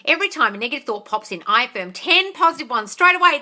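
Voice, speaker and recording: Reading comments aloud during a casual live stream, a woman runs a manifesting Q&A where she answers bluntly, swears plenty, and calls everyone darling. Her voice sits high and bright, expressive and forceful, and she talks quickly.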